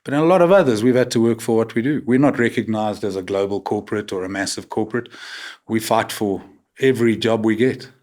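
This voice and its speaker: Speaking fast in a low, slightly mellow voice, a South African man in his fifties guests on a talk show. His interview is candid and chatty, with frank stories punctuated by "man" and "right?".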